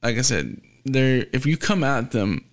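Gravelly-voiced male podcast host. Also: mid-range voice, sing-song, unhurried. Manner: storytelling, acts out quoted exchanges. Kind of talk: casual podcast conversation.

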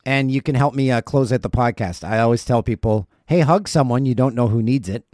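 A man hosting a casual podcast, telling stories in a jokey, animated way. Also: mid-range voice, a little fast, no room sound, studio quality. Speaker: podcast host.

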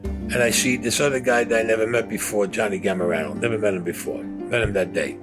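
Profane older New storyteller. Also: male voice, on the low side, fast talker, over music. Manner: profane, animated, street-talk storytelling. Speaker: former mobster interviewee. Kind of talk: storytelling interview.

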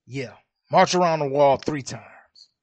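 A man's voice: on the high side, a little slow, darkish tone, no room sound, close to an everyday voice. A man voicing the biblical God as a stern male ruler giving matter-of-fact orders in a comedic retelling. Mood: commanding. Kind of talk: comedic retelling in a podcast monologue.

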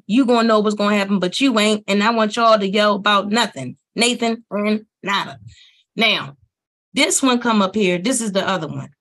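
A woman hosting a podcast, giving blunt, profane commentary on a reality show, her voice climbing high and loud when she rants.

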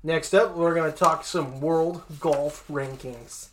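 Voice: mid-range voice, takes it slowly, slight background noise. A sports show host reading rankings in a casual talk style, with joking asides between the lists.

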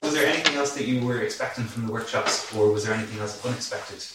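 A man's voice: medium pitch, fast. A man casually interviewing a group of students about a writing workshop, asking friendly open questions. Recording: echoey, distant and noisy room.

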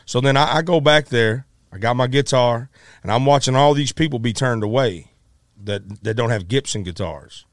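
Animated storytelling man. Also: mid-range voice, normal speed, dry recording, clean studio sound. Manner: animated, acts out quotes, stammers and restarts. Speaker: musician telling a story. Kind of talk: casual storytelling.

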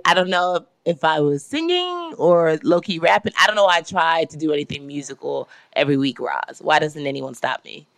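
Laughing woman podcast host, smooth voice. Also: deep voice, fairly quick, few pauses, dry recording. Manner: laughing, animated storytelling. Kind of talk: casual chat.

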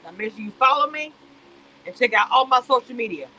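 Sassy animated woman commentator, bright voice. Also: fairly high pitch, brisk, lo-fi sound, a little hiss or hum. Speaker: YouTube live commentator. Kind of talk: casual reality-show commentary.

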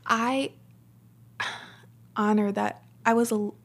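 A woman in a heartfelt casual conversation, speaking softly and earnestly about her own experiences. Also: medium pitch, fairly even intonation, normal speed, gravelly. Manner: soft, earnest, affirming.

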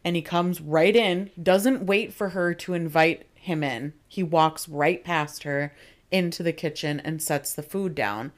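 A young woman chats through a TV episode on a podcast, retelling scenes as quick quoted asides. Her voice sits a little low, and she laughs easily as she talks. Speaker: podcast co-host. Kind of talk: casual chat recapping a TV episode.

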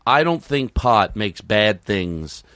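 A middle-aged man, a guest comedian, talking in a rambling, animated way on a podcast and breaking into acted quotes. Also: lowish voice, slow, no room sound, clean studio sound. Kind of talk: casual podcast chat.

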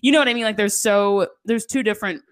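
A woman hosts a casual podcast, giggling as she talks. Her speech is loose and chatty, full of likes and you-knows, at a middle pitch. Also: quick pace. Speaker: podcast host. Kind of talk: casual chat.

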